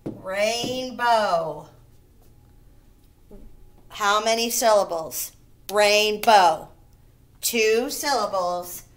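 In a recorded remote phonics lesson, a woman with a mid-range voice teaches first graders about syllables. She speaks slowly and patiently, drawing out every word so the children can hear its beats.

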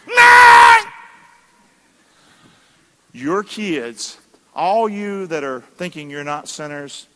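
A man with a high-pitched, somewhat bright voice gives a sermon as pastor, calling out for the congregation's answers in call-and-response fashion. His delivery is emphatic and folksy with colloquial asides, recorded amid the long reverb of a church sanctuary.

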